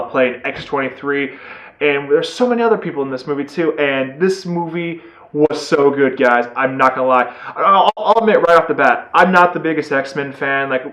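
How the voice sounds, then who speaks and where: A man giving a casual, excitable movie review, rambling with lots of fillers. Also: mid-range voice, reverberant.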